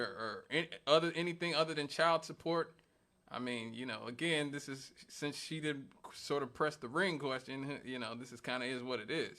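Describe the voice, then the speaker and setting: A man's voice: fairly high pitch, sharp tone. A male radio talk show host giving an emphatic, argumentative monologue, repeating points for stress. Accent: Northwest Indiana.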